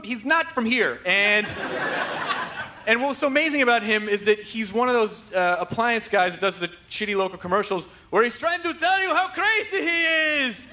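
A man's voice: very high-pitched, pushed and bright. A man hosting a live podcast in front of an audience, talking in a hyper, rambling, profane way. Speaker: podcast host. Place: live theater stage with audience. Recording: live venue with audience noise.

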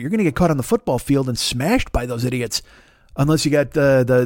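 A man in a comedic podcast rant, cursing freely and tumbling through restarts as he acts out little scenes. His voice sits a bit high for a man, and it is recorded dry and close. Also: a little mellow, no echo. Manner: profane, rambling, full of restarts and acted-out bits. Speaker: podcast host.

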